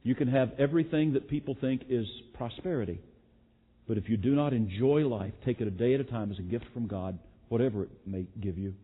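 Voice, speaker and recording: A man's voice: mid-range voice, a little fast, breathy edge. A man preaching a sermon as pastor, earnest and emphatic, repeating key phrases. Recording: echoey hall, phone-like sound.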